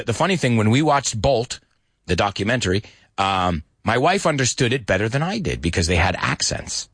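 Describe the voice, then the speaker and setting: A middle-aged man, teaching English in a lively bilingual lesson that mixes English and Spanish. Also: fairly high pitch, dry recording, clean studio sound. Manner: animated, switches between English and Spanish, sings lyric snippets.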